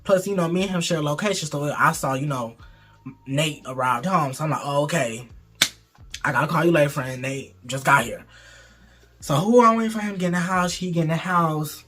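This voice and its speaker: A young man rambles through a candid, profane storytime. His voice sits a little high and sounds bright and forceful. Faint music plays behind him. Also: fairly quick. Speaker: vlogger. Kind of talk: casual storytime.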